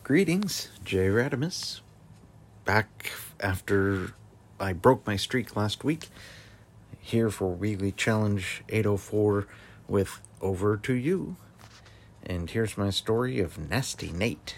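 A man reading aloud his own short story in a slow, measured manner. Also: on the low side, lively intonation, fairly bright tone, breathy edge. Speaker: story contributor.

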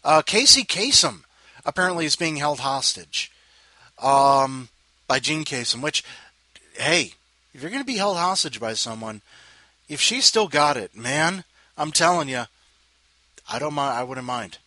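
A man's voice: fairly high pitch, lively intonation, a little slow, long pauses, bright, forceful tone, no echo. A man hosting a show, chatting casually with jokey asides and apologies between readers. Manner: self-interrupting, jokey asides, apologizes often. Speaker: host introducing readers. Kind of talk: rambling casual chat.

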